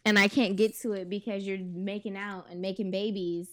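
A woman co-hosting a casual talk show at a medium pitch. She is blunt and outspoken, and laughter keeps breaking into her chat. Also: flat delivery, moderate pace, fairly bright tone.

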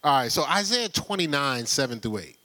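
Bright-voiced man preaching conversationally. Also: mid-range voice, sing-song, a little fast. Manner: conversational preaching with rhetorical questions and laughs. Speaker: pastor. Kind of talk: sermon.

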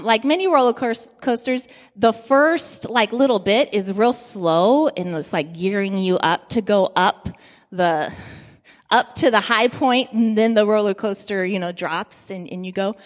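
A woman's voice: on the high side, in a large hall. A middle-aged woman giving a sermon, telling stories in a conversational way with many fillers. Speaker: pastor.

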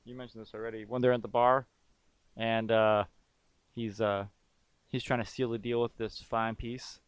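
A man with a smooth, resonant voice, talking loosely and jokingly as he recaps a film scene by scene. The sound is dry and close, with no room around him. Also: medium pitch, flat delivery, moderate pace, dry recording. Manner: rambling, jokey, recaps scenes with lots of fillers. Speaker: podcast co-host. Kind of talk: casual movie-recap chat.

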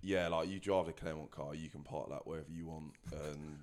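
A man chats as a guest, blunt and cheerful, swearing now and then. His voice sits very low. He laughs easily between points. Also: fairly even intonation, fairly quick, darkish tone, slight background noise. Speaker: guest rugby player. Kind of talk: casual interview chat.

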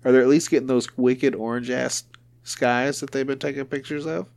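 A man's voice: mid-range voice, fairly even intonation, normal speed, gravelly, a little mellow. A man hosting a podcast in casual chat, joking around and swearing freely. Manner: profane, joking banter. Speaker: podcast host.

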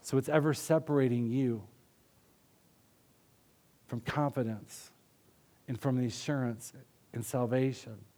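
A man preaching a sermon in an earnest, conversational way, often dropping his voice softly. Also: medium pitch, fairly even intonation, unhurried, long pauses. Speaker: pastor.

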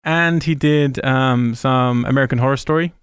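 A man's voice: mid-range voice, moderate pace, smooth, dry recording. A British man with a London accent, chatting on a podcast and reeling off film credits with dry laughs. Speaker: podcast co-host. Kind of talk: casual chat.

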